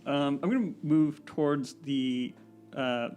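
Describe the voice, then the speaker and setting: A man's voice: mid-range voice, slow, a little mellow, smooth, faint music behind. A man playing a tabletop game, talking casually and joking with the group. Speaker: player.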